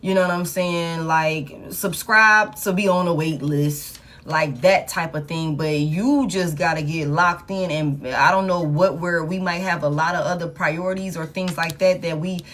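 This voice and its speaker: A woman's voice: on the low side, steady tone, a little slow, hardly any pauses, a bit bright. A woman giving a casual tarot reading in a repetitive, emphatic, slangy pep-talk manner. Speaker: tarot reader.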